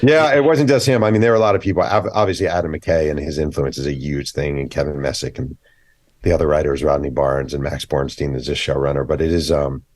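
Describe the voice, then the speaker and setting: Male author guest, low register, dry mic; animated, opinionated storyteller. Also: fast, no echo. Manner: animated storyteller acting out quoted dialogue; blunt, opinionated. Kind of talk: casual podcast interview.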